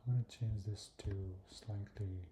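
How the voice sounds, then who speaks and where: A man with a fairly low, fairly evenly intoned voice talks at normal speed over background noise in an echoey room. Walking through an on-screen design tutorial, he thinks aloud haltingly, full of fillers and restarts, often muttering or whispering.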